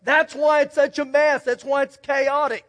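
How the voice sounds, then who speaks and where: High-voiced pastor in a reverberant church. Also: male voice, flat delivery, moderate pace, a bit bright. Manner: folksy, storytelling, emphatic repetition. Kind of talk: sermon. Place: church sanctuary. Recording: long church hall reverb.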